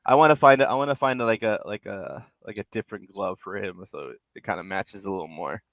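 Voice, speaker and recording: A man's voice: lowish voice, fast talker, a bit bright, no echo. A man hosting a live puppet-building stream, chatting casually and rambling, repeating himself and chuckling. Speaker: puppet-building livestream host. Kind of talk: casual chat while building. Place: home workspace.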